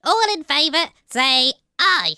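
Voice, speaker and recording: A woman's voice: high-pitched, takes it slowly, dry recording, clean studio sound, heavily acted. A woman voicing a fussy, easily alarmed talking mushroom in a comedy audio sketch. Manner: flustered, excitable.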